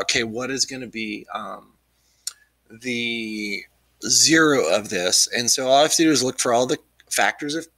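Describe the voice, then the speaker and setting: A man's voice: mid-range voice, bright, forceful tone, dry recording, rough recording. A man who has lost his voice gives a casual recorded math lesson, explaining offhandedly with many ums. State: losing his voice. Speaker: math teacher.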